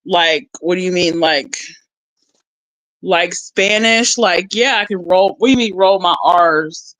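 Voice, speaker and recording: A woman's voice: lowish voice, takes it slowly, fairly bright tone, no room sound, low-quality recording. A woman chatting casually on a livestream, rambling and laughing as she reads her viewers' chat aloud.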